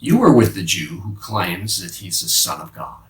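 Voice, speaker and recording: A man voicing an accusing young servant girl within a dramatic monologue, his voice pushed up high. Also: very animated, moderate pace. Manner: sharp, pointed accusation. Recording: roomy sound from a distant mic.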